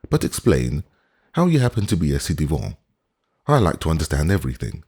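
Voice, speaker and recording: Bold young baron from a classic novel, quick and mocking in his questions, deep husky tone, lively swings, as a male reader puts him on. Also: full character voice. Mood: teasing.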